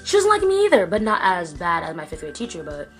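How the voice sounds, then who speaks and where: A woman's voice: lowish voice, wildly swooping pitch, fast, fairly bright tone, soft background music. A teenage girl telling a story in a casual vlog, chatty with many fillers, acting out what people said. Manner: chatty, lots of fillers and quoted dialogue. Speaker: vlogger.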